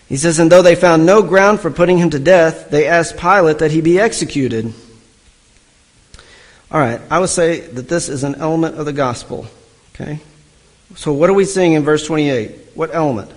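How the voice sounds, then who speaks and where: Preacher, man, slightly high voice, reads a verse then quizzes the hearers. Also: poor audio. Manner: asks the listeners questions and answers them himself; reads scripture aloud, then comments on it. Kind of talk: expository sermon teaching.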